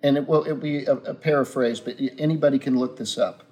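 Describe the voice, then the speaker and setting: A man's voice: mid-range voice, steady tone, quick pace, dark tone. A man who is a guest in a casual chat, speaking in earnest, philosophical pronouncements. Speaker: guest playwright.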